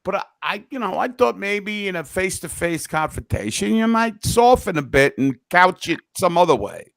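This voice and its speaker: A man with a somewhat high voice co-hosts a sports talk podcast, needling his partner with blunt, wisecracking asides. He sounds dry and close to the mic. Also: lively intonation, moderate pace, creaky, fairly bright tone, no echo. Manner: teasing, wisecracking, blunt and profane. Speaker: podcast co-host. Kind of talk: casual chat.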